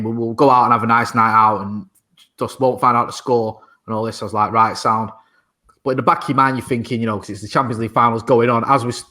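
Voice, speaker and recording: A man, swearing his way through rambling stories in a casual podcast chat. His tone is bright and forceful, with a medium pitch for a man. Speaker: podcast co-host.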